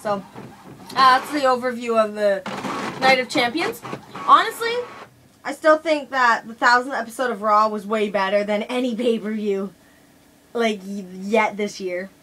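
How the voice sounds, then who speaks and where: A young woman talks through a casual vlog review in a rambling, chatty way, full of fillers. Her voice sits a little high and sounds bright and sharp. A faint hiss of background noise runs under the recording. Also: lively intonation, normal speed, low-quality recording. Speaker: wrestling fan reviewing an event.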